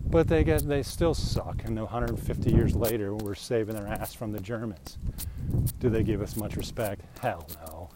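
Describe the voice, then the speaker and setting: A man's voice: on the low side, normal speed, very noisy. Rambling man ranting on a walk. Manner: opinionated, rambling, frequent laughs. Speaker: vlogger. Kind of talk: casual rant while walking. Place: outdoors on a walk.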